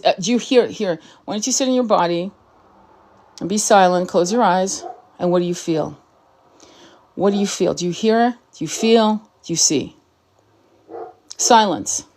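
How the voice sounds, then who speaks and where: A woman hosting her own spiritual channel, talking straight to fellow healers in a blunt, impassioned lecture. Her language is full of swearing, and her voice sits at an ordinary middle pitch. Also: a little mellow. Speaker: psychic and tarot channel host.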